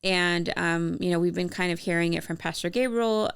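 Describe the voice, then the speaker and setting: A woman's voice: fairly low pitch, normal speed, creaky, clean tone. A woman co-hosting a casual faith-based chat podcast, rambling with lots of fillers and restarts. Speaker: podcast co-host.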